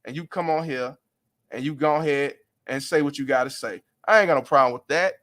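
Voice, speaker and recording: A man's voice: fairly high pitch, brisk, a bit bright. A man hosting a livestream, ranting bluntly and profanely in heated commentary. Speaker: livestream host.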